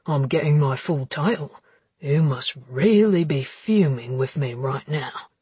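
A woman voicing a cocky, teasing man in an audiobook, speaking with a smug, husky drawl. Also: a little slow, dry recording, heavily acted. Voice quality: husky, low and hushed.

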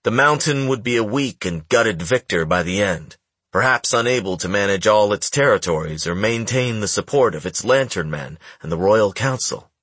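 Low, husky man for audiobook narration, dry booth, measured delivery. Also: no room sound. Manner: measured, even storytelling. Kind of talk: scripted narration.

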